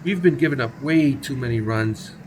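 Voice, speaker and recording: A man with a mid-range voice speaks at a moderate pace over a little hiss or hum. Hosting a gaming channel, he gives playful, jokey, chatty play-by-play of a baseball simulation game.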